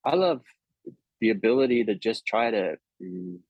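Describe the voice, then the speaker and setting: A male actor telling stories in a casual interview, animated and often restarting his sentences. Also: fairly low pitch, moderate pace, husky, no echo, dull audio. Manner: anecdotal, animated, with frequent restarts.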